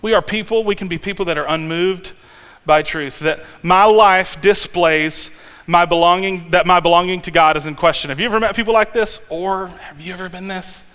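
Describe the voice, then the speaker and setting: A male pastor preaching a sermon in a conversational, animated way, with restarts and sudden loud peaks. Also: high voice, normal speed, clear, resonant tone. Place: church sanctuary. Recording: long hall reverb.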